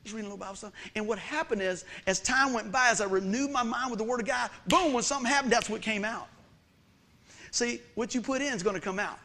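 A man preaching a lively sermon, calling out questions to the congregation and repeating his key phrases. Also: very high-pitched, a little fast, a little hiss or hum.

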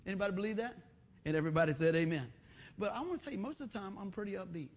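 A man preaching a sermon, lively and acting out little everyday scenes with voices. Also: high-pitched, very fast. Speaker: pastor.

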